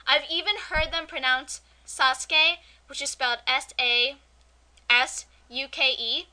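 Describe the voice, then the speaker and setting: A young woman co-hosting an amateur podcast chats rapidly and easily, her high voice sounding very bright and sharp. Animated and talkative, she tends to break into rants.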